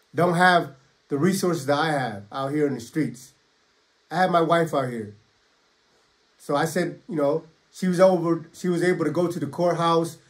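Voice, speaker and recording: Middle-aged man, fairly high voice, blunt and streetwise, casual storytelling, clears throat a lot. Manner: blunt, streetwise, quotes others in dialogue, clears throat often. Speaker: storyteller recounting prison life. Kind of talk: casual first-person storytelling.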